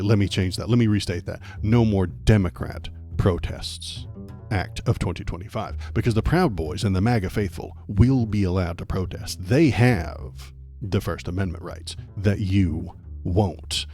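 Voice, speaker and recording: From his home streaming setup, a man with a low, mellow voice reads a document aloud for political commentary, mocking it with sarcastic, angry asides and stumbling often.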